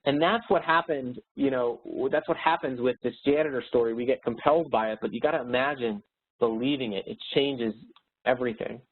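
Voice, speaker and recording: Male webinar speaker, mid-pitched, earnest upbeat coaching delivery; narrow lo-fi audio. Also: brisk, husky. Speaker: speaker and educator. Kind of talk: motivational webinar presentation. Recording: tinny phone-like webinar audio.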